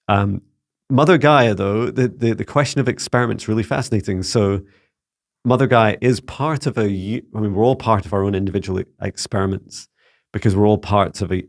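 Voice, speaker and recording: A Scottish man with a lowish, gravelly voice answers viewer questions in a relaxed Q&A. He talks in an earnest, halting way, often restarting his phrases. The sound is close and dry. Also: dry recording. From Scotland. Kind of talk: casual spoken Q&A.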